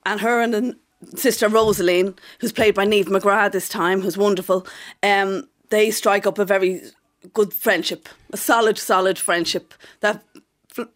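A woman with a Dublin accent, an actress, talks about her role in an interview. She speaks gently and modestly, often pausing and hedging. Her pitch sits in an ordinary middle range. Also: steady tone. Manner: soft-spoken, modest, hesitant. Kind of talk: conversational interview.

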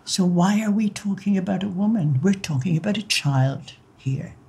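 Irish older woman telling lively stories. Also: fairly low pitch, normal speed, creaky, breathy edge. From Ireland. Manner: lively, acts out voices in her stories. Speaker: interviewee. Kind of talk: personal storytelling.

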